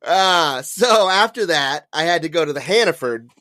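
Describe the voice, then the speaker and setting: A man's voice: fairly high pitch, expressive, moderate pace, sharp tone. A young man co-hosting a podcast, telling a long profane story in a rambling way full of "like" and "uh.". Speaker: podcast co-host. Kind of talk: casual storytelling chat.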